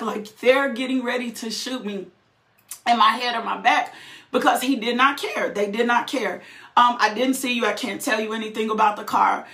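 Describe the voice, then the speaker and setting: A woman's voice: a little high, moderate pace, a bit bright. Fervent woman testifying in a roomy space. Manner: repetitive, fervent, breaks into laughter. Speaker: testifying believer. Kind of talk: emotional personal testimony. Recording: roomy echo.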